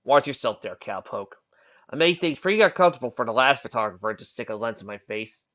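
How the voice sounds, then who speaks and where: A gruff, teasing old pony grandfather, as a man puts him on in a storybook reading. He makes mock threats with a grin. The recording is dull and lo-fi. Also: medium pitch, expressive, brisk, a bit bright, lightly acted.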